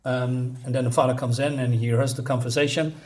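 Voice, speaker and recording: A man giving a casual comic book review, talking in a halting, chatty way with many fillers and restarts while recapping the pages. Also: medium pitch, steady tone, darkish tone.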